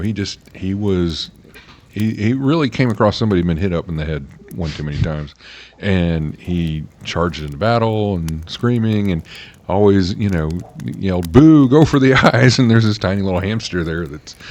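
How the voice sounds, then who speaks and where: A man's voice: sits low, a little mellow. A man from the States, co-hosting a casual chat about tabletop games and rambling with many fillers. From Southern United States. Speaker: podcast co-host, dungeon master.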